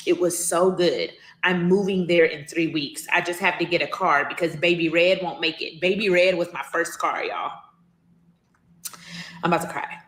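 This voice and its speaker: A woman's voice: lowish voice, fairly bright tone. Chatty woman reading her diary, echoey room. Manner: chatty, addresses listeners as y'all. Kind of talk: reading aloud with casual asides.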